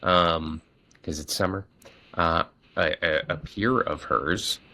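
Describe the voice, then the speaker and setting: Middle-aged male podcast co-host, low gravelly voice, lively storyteller who pops into high voices for quotes. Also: takes it slowly. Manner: animated, jumps high to act out quoted voices. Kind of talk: casual storytelling chat.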